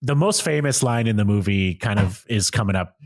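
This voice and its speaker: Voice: mid-range voice, lively intonation, brisk, dry recording, studio quality. A podcast co-host recapping a film in a loose, rambling way, full of fillers and restarts. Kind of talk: casual chat recapping a film.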